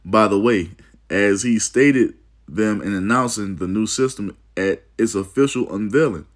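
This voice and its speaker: A religious teacher with a fairly low, slightly slow male voice preaches about prophecy. He reads aloud from an article and breaks off into emphatic asides, often repeating "you see" and "man."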